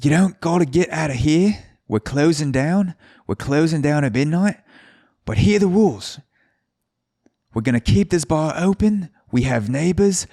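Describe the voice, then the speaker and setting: A man voicing a brash male Australian bartender who loudly lays down blunt, profane rules for the bar, in a put-on Australian accent. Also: a little high, expressive, measured pace, no room sound, clean studio sound, voice pushed up. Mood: bossy, announcing.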